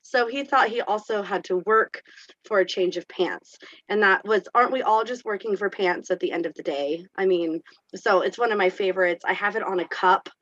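A woman who teaches special education chats through a classroom story, animated and full of fillers. Her audio is dull and lo-fi. The sound is dry and close. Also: mid-range voice, moderate pace, no echo. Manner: chatty, animated retelling with many fillers. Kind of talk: casual storytelling in an interview.

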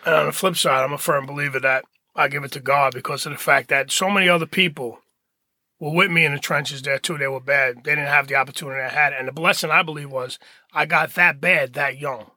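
A middle-aged man with a high, very bright and forceful voice tells rough stories from his past, bringing them to life by acting out everyone involved. He talks loosely and swears freely, and the sound is close and dry. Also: fairly quick, dry recording. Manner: animated storyteller, acts out quoted voices, swears freely. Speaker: podcast guest. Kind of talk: storytelling in casual chat.

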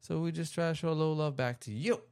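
This podcast host has a gravelly edge to the voice and a loose, playful delivery. They ramble cheerfully through listener reviews, laughing easily along the way. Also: medium pitch, quick pace, darkish tone. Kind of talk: casual podcast chat, reading listener reviews aloud.

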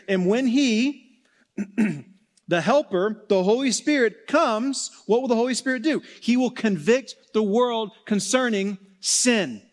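A man preaching a sermon in an earnest way, slowing and dropping soft for emphasis, then rising again. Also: sits high. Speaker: pastor.

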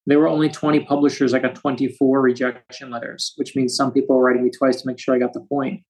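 A man in his fifties from the United States, an author telling stories with quick asides as a podcast guest. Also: mid-range voice, flat delivery, darkish tone, rough recording. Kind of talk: storytelling interview.

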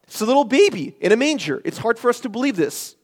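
A high-voiced male pastor preaches a sermon in a church sanctuary, very animated and fast-talking. He is emphatic, uses rhetorical questions, and swings between loud and hushed, with long hall reverb on the recording.

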